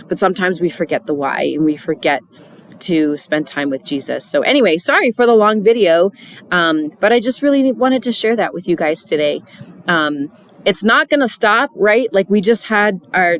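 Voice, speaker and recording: A middle-aged woman speaking to church volunteers in an earnest, chatty devotional talk, with many fillers and restarts. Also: lowish voice.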